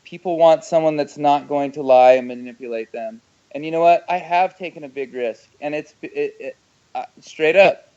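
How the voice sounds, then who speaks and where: A man's voice: a little high, dark tone, smooth. Earnest man on a dull phone line. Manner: emotional, halting, repeats words. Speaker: guest, actor and screenwriter. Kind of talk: earnest interview answers.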